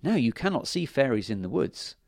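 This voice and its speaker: A man reading a children's storybook aloud in a slow, emphatic, sing-song way. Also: mid-range voice, very animated, vocal fry, a little mellow, dry recording, studio quality.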